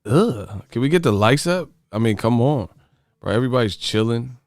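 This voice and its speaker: A man's voice: medium pitch, animated, moderate pace, no echo, clean studio sound. A man hosting a casual boxing livestream, ranting profanely and firing off rhetorical questions. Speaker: boxing YouTuber host.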